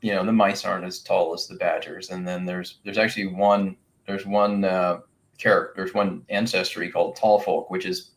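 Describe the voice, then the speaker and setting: A man running a tabletop game as game master, narrating in a rambling, halting way full of restarts. His voice sits on the low side. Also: little pitch movement.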